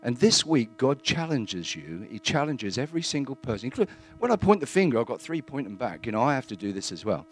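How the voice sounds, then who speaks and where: A man giving a plain-spoken, earnest testimony in church, halting now and then with fillers. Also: medium pitch, sing-song, breathy edge.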